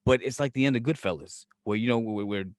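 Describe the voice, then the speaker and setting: A man's voice: medium pitch, fast, no room sound, studio quality. A middle-aged man with a New York accent co-hosting a podcast, telling stories with cursing and acted-out quotes. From Brooklyn, New York. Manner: profane, animated storytelling with acted-out quotes. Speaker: podcast co-host. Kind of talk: casual chat.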